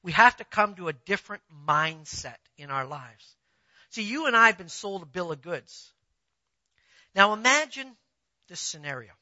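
Sharp-toned conversational preacher. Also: medium pitch, lively intonation, normal speed, no echo, lo-fi sound. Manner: conversational preaching, asks the audience "you see what I'm saying"; tells personal stories and swings between quiet and emphatic. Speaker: pastor. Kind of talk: sermon.

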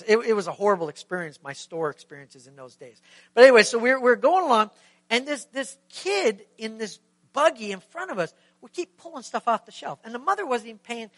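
A man's voice: high-pitched, pushed and bright, no echo. A middle-aged male pastor preaching a sermon, telling a story with emphatic, questioning delivery to the congregation.

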